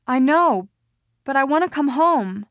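A woman's voice: high voice, lively intonation, unhurried, dry recording, pitched above the performer's own voice. A woman reading an audiobook voices a teenage girl urgently pleading to be brought home.

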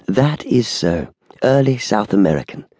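An elderly, white-haired shop assistant speaks with formal, deferential courtesy, unhurried and precise. A man raises his voice slightly to play him. The recording is dry and close, with a husky grain. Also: on the low side, very animated, warm tone, no room sound, voice pushed up, heavily acted. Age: older.

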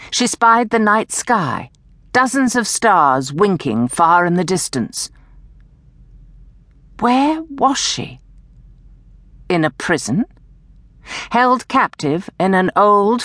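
A woman with a fairly low voice tells the story slowly and dramatically, sinking into hushed tones when characters whisper. Her reading swings widely in pitch. The recording is close-miked and dry, with no room sound around her. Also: dry recording. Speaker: audiobook narrator. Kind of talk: scripted narration of a historical romance. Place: recording booth. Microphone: close studio mic.

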